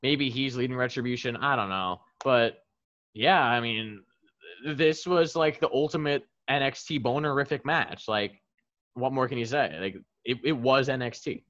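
A man with a mid-range voice rambles excitedly in casual chat, scattering "like" and "um" through his sentences. The recording sounds dull and lo-fi. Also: medium pitch, moderate pace. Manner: rambling, lots of "like", animated. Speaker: podcast co-host.

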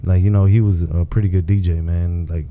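A man's voice: deep voice, steady tone, a little fast, narrow, tinny audio, a little hiss or hum. A man from Texas, a comedian guest, chatting casually and telling rambling stories, often adding "you know what I'm saying". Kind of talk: casual podcast chat.

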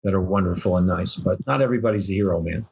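A man's voice: low voice, very fast, gravelly, husky, dull audio. An older man co-hosting a podcast, talking in a blunt, opinionated way and swearing freely in casual chat. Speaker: podcast co-host.

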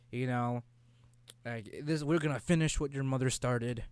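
Young guy, rambling and profane game chat, smooth tone, acts out bits of dialogue. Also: mid-range voice, fairly even intonation, no room sound. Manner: rambling, profane, acts out characters in quick voices. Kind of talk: casual chat about a video game.

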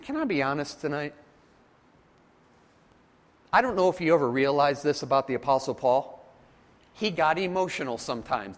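A man with a high, slightly bright voice preaches a sermon at a church camp, and the sound carries like a big room. He is emphatic and repetitive, often quizzing his listeners with questions.

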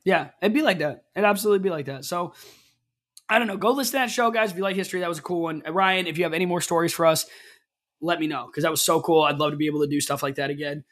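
Rambling high-voiced podcast guy, twang. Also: very fast. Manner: rambling, teasing, gets loud and mock-outraged. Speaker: podcast co-host. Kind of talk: casual podcast banter.

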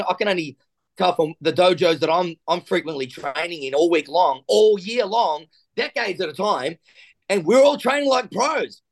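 Excitable man telling stories. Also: on the high side. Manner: excitable, acts out the voices in his stories. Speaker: jiu-jitsu coach and guest. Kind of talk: animated storytelling in a podcast interview.

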